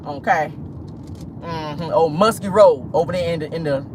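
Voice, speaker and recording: A woman's voice: low-pitched, moderate pace, a little hiss or hum. A woman hosting a celebrity gossip show in casual, sassy commentary full of slang and laughter, talking from a car.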